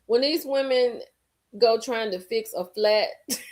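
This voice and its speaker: A woman with a fairly high voice hosts a casual live-stream chat. She talks straight to her viewers in an animated way and hammers her points home by repeating them. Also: a little slow. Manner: emphatic, repeats lines for effect.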